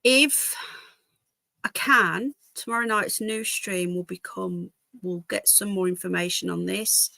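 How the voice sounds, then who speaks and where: Woman, casual home live stream, chatty, slow-paced, dry close sound. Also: fairly low pitch, fairly even intonation, creaky, bright, forceful tone, dry recording. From England. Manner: chatty, talks to her dogs and viewers. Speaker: livestream host. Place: home, indoors.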